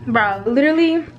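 A young woman vlogger, chatting loudly and bossily and laughing a lot. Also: high voice. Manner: loud, bossy, quick to laugh, slangy. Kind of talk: casual chaotic vlog banter.

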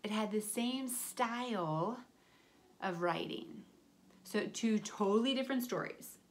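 A woman teacher reading a picture book aloud to children, animated, with character voices and sound effects. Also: medium pitch, slow.

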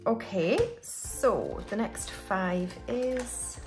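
Her voice is medium-pitched, animated and a little mellow, and she talks very slowly with faint music behind. A British budgeting channel host, she gives casual cash-stuffing commentary, counting money aloud and narrating each step to herself.

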